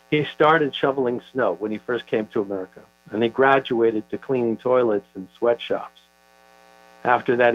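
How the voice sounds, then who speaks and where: An older man, an author being interviewed, telling a story in a thoughtful, halting way with many fillers. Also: lowish voice. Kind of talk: conversational interview. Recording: dull lo-fi audio with mains hum.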